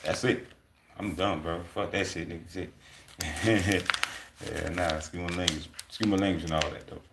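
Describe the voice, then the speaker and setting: A man with a lowish voice holds forth on a livestream, rambling and swearing freely, and often stumbles and starts his sentences over. The room around him rings with a noticeable echo. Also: steady tone, moderate pace, heavy background noise. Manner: rambling, profane, full of asides. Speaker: livestream host. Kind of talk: casual livestream rant.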